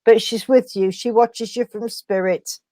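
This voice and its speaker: A woman medium gives an emotional reading at a service, her fairly high voice tender and halting. She keeps breaking off and restarting, and she often calls the listener sweetheart and darling. The sound is dry and close, with no room echo. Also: steady tone, dark tone. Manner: halting, tender, full of endearments. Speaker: spiritualist medium.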